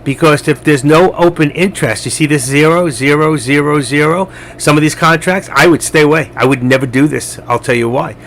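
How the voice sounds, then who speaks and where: A man's voice: on the high side, a little fast, hardly any pauses, fairly bright tone, slight background noise. A man hosting a live trading stream, chatting casually and rambling while he talks viewers through charts and answers their messages. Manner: chatty, rambling, addresses chat viewers directly.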